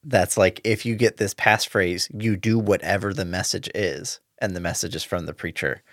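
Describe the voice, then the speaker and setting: A man co-hosting a casual book discussion podcast, giving thoughtful, measured analysis. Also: deep voice, steady tone, a bit bright, no echo. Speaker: podcast co-host. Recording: dry close mic.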